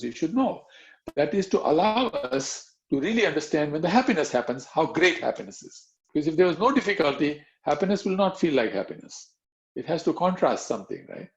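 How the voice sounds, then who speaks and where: A man speaks over a video call, giving a relaxed devotional talk in a chatty, conversational way. His voice is gravelly, and his pitch moves around a lot. The call audio sounds dull and lo-fi. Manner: chatty, conversational, full of "you know" asides. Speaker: devotional teacher.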